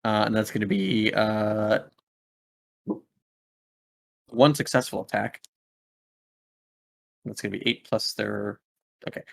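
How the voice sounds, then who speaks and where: A man's voice: lowish voice, unhurried, gravelly. A young man running a tabletop game as game master, rambling with many fillers and laughing at his own slips.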